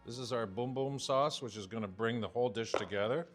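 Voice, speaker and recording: A man's voice: medium pitch, fairly quick, soft background music. A man in his fifties, a chef giving a chatty, joking cooking demonstration. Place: home-style kitchen. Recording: kitchen clatter of pans and cutlery.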